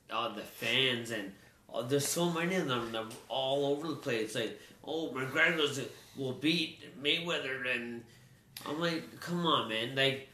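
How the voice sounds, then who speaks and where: A man talks sports in a loose, casual way, full of fillers and restarts. His voice is bright and forceful, and the room around him rings with echo. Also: medium pitch. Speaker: sports talk co-host. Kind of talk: casual chat. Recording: roomy echo.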